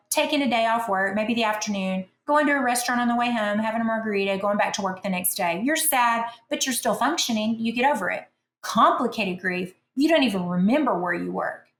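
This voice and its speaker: A woman author talking as a guest on a podcast, telling stories in a chatty, animated way with self-deprecating humor. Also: a little high, fairly quick, roomy sound. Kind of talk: conversational storytelling.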